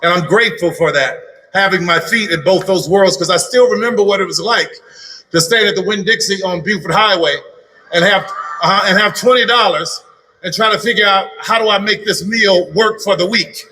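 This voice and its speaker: A man's voice: high-pitched, moderate pace, sharp tone, slight background noise, poor audio. A middle-aged man giving an earnest personal testimony at a political rally, driving his points home with repeated phrases. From lived in Georgia over thirty years. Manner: earnest, repetitive, building emphasis. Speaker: rally speaker.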